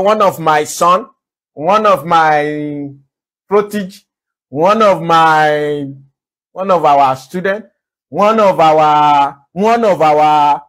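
A man's voice: fairly high pitch, slow pace. A man preaching a sermon, earnestly asking rhetorical questions and repeating phrases for emphasis. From Nigeria. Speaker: pastor.

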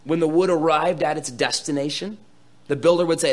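A man preaching a sermon, reading scripture dramatically and swinging between loud bursts and quieter asides to his listeners. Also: fairly high pitch, brisk. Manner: playful asides to the audience. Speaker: pastor.

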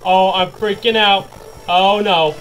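An excitable man with a high voice gives running let's play commentary, yelping and laughing at his mishaps. Faint music plays in the background. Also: slow pace, poor audio. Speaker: gaming video creator.

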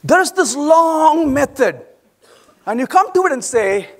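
A middle-aged man giving a conference talk, animated and playful, acting out quoted voices with quick asides to the audience. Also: extremely high pitch. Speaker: conference speaker. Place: large conference hall.

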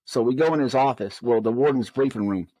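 A man's voice: medium pitch, a little fast, dry recording, rough recording. Man telling work stories, dry sound. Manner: animated, acts out quoted dialogue in raised voices. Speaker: interview guest, former correctional officer. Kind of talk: conversational storytelling.

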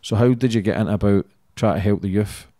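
Male interview host, low and warm, dry close sound, steady and encouraging. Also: a little fast, no room sound. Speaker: podcast host. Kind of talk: interview hosting.

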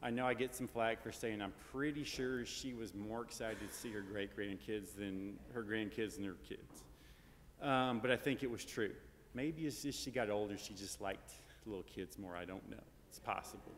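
A man's voice: on the low side, moderate pace, a little hiss or hum. Guy doing a laid-back eulogy for his grandma, ums and rights, big echoey church. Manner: casual and anecdotal, tag questions and fillers. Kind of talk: funeral eulogy. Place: large church sanctuary. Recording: long church reverb.

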